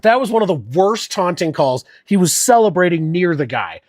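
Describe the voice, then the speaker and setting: A man's voice: sits high, very animated, normal speed, darkish tone, dry recording, studio quality. Fired-up man calling football from home. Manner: casual, swears freely, gets worked up over calls. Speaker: streamer doing live play-by-play. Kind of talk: live sports play-by-play and reactions.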